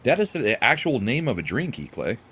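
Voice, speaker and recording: A man's voice: mid-range voice, very animated, a little fast, fairly bright tone, slight background noise. A man on a casual podcast who needles the others with dry remarks. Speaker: podcast co-host.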